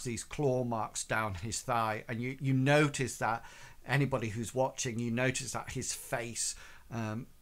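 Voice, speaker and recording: A man's voice: medium pitch, fairly bright tone. A man narrating as game master in a tabletop game, hesitant and full of fillers.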